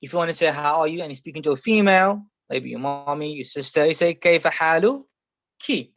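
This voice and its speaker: Speaking quickly in a fairly high, slightly bright voice, a male teacher explains Arabic grammar to his class with patience, going over each example repeatedly. There's no echo, though the audio is muffled and a little lo-fi.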